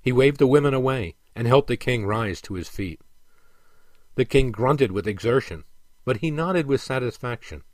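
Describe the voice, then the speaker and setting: A man narrating a fantasy audiobook in a measured storytelling voice that drops low and soft on the speech tags. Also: animated, dry recording.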